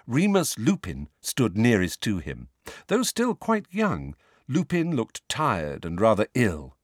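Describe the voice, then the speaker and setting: A man reading an audiobook in scripted narration, with expressive storytelling. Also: lowish voice, slow, breathy edge, no echo, studio quality.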